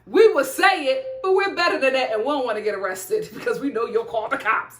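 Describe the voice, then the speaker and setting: A woman's voice: high-pitched, lively intonation, fairly quick, a bit bright, reverberant. A woman reviewing a TV show in blunt, sassy casual chat, talking straight to her viewers.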